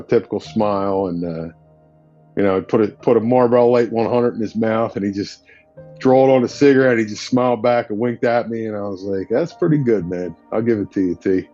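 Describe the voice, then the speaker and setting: A man's voice: fairly low pitch, steady tone, moderate pace, mellow, muffled recording, faint music behind. A man, a firefighter guest, telling a story in a blunt, casual way with slang and swearing. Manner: blunt and profane, drops in slang.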